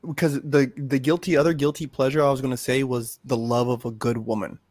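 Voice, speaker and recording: A man co-hosting a podcast in casual chat, talking in a rambling, animated and profane way. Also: medium pitch, a little fast, dry recording. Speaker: podcast co-host.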